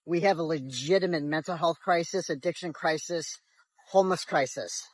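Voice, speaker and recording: A man's voice: fairly high pitch, normal speed, no room sound, poor audio. Guy filming the streets, fired up and serious, dry close audio. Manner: earnest, indignant. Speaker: street video creator. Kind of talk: filmed commentary.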